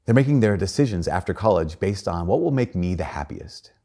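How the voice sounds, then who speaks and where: A man's voice: animated, fairly quick, warm tone. A male priest giving a conversational homily, earnest, often repeating and restarting his words and acting out quoted voices. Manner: acts out quoted voices in a raised pitch.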